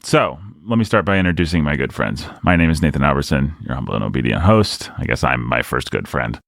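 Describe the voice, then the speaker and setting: A man's voice: extremely low pitch, fairly quick, fairly bright tone, no room sound, studio quality. A man hosting a podcast in casual comedic chat, joking and rambling, tired from little sleep. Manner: joking, rambling, self-mocking. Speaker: podcast host.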